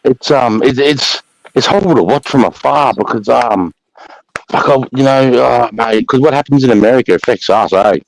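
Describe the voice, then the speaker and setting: A man's voice: medium pitch, moderate pace, creaky, no echo, poor audio. An Australian man and former soldier talking in a casual online panel, swearing freely and calling people mate.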